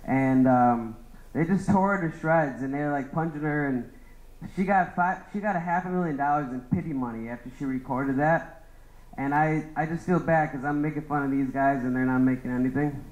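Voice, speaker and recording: A man's voice: a little high, fairly quick, reverberant, dull audio. A young man doing a rambling stand-up roast of his friends, laughing at his own jokes. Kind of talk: open-mic roast set.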